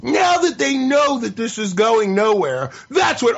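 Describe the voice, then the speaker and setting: A man delivers an exasperated podcast rant, full of sarcasm and profanity. His voice sits high and swings widely in pitch. The recording is somewhat muffled and lo-fi. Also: very animated, measured pace, vocal fry, hardly any pauses. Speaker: podcast host. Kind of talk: opinion commentary rant. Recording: slightly muffled lo-fi audio.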